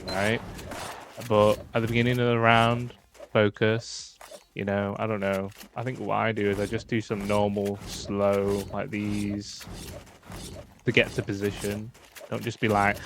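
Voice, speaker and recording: A man's voice: fairly low pitch, little pitch movement, normal speed, fairly bright tone, a little hiss or hum. A man giving casual, chatty tips while talking over his own gameplay footage, full of fillers.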